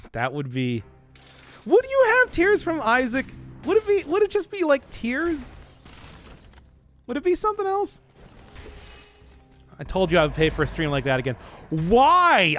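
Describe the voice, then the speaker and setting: Excitable high-voiced male streamer. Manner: rambling, laughs often, swears. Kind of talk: casual live gameplay commentary.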